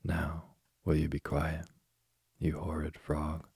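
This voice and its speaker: Young princess, read by a man, deep gravelly voice, no real change. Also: monotone, slow pace, a little mellow, dry recording, studio quality, full character voice. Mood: furious. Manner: fretful, pleading. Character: spoiled young princess, fearful then furious.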